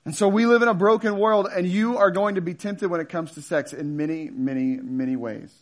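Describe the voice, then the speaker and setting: High-voiced man preaching casually. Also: fairly quick, hardly any pauses. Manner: casual, joking storyteller with animated asides. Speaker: pastor. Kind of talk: sermon.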